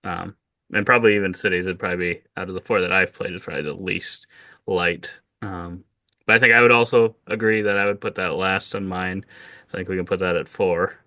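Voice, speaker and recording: A man's voice: low voice, steady tone, a little fast, bright, forceful tone. A man co-hosting a board game channel, chatting casually and hedging, often restarting his phrases. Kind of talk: casual chat reacting to award nominees.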